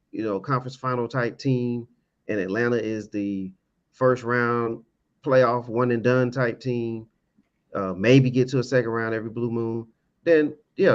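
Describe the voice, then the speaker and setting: A man hosting a sports talk show, talking in halting stretches with repeated words and many fillers. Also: mid-range voice, highs cut off. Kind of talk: casual sports debate.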